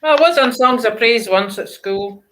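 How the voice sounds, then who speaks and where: A woman's voice: on the high side, lively intonation, normal speed, a bit bright, low-quality recording. A woman on a colouring video call, giving dry, short replies. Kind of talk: casual chat on a video call.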